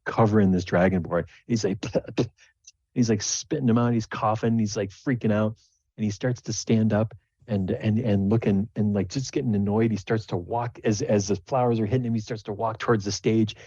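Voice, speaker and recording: A man's voice: fairly low pitch, fairly even intonation, normal speed, dark tone, husky, dry recording, highs cut off. A man narrating as game master of a tabletop game, rambling and repeating words as he goes.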